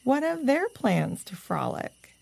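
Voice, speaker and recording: A woman's voice: sits high, very animated, slow pace, vocal fry, darkish tone, husky, no room sound, voice pushed up, exaggerated voice. A woman voicing an earnest young girl raccoon-dog twin who asks pointed questions in a storybook tale. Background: music.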